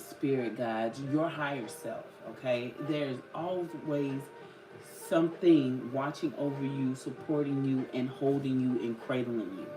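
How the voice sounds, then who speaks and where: A live-stream host giving a casual spiritual card reading, chatty and loose, talking to viewers in the chat. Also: medium pitch. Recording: roomy echo with clear background music. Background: clear background music.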